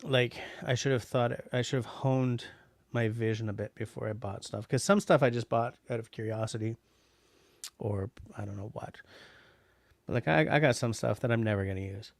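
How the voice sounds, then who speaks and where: A middle-aged man from Canada chats loosely on his livestream, stumbling through restarts and fillers as he answers viewers. His voice sits at a middle pitch with a gravelly edge. The sound is close and dry. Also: fairly even intonation, normal speed, dry recording. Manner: rambling, many restarts and fillers. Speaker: livestream host reading chat. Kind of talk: casual chat.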